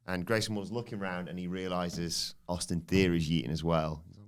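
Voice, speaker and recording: A man's voice: deep voice, steady tone, normal speed, few pauses, clean tone. A man hosting a casual wrestling podcast, joking, laughing often and acting out quotes. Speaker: podcast host.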